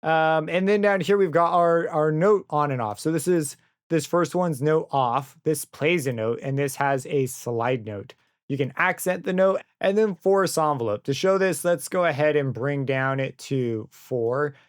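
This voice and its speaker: A young man walking through a software synth plugin in a casual tutorial, thinking aloud and correcting himself as he goes. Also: a little high, a little slow, clear, resonant tone, no room sound. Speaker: plugin reviewer. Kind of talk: screen-recorded software tutorial. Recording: dry close mic with synth music under it.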